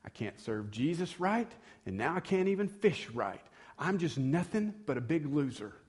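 A man's voice: on the high side, very animated, moderate pace, darkish tone. A preacher voicing a despairing fisherman disciple. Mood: defeated. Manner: pleading, self-pitying inner monologue. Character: despairing grown male fisherman disciple, self-condemning.

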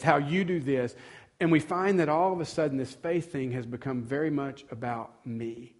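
Male preacher, emphatic sermon delivery, voice on the high side. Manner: earnest preaching, building to emphatic louder passages. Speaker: pastor.

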